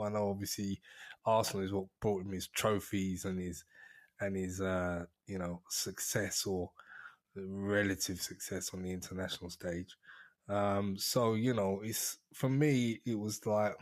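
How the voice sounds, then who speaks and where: A man hosts a casual fan podcast with a lowish, easygoing voice. He talks in a relaxed, friendly way and chuckles now and then. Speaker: podcast host.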